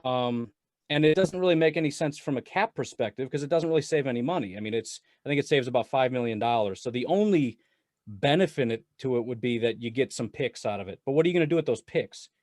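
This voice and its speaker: A man talking sports as a guest on a casual podcast, animated and rambling with frequent laughs. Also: mid-range voice, quick pace, no echo, clean studio sound. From Wisconsin. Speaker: guest Packers commentator.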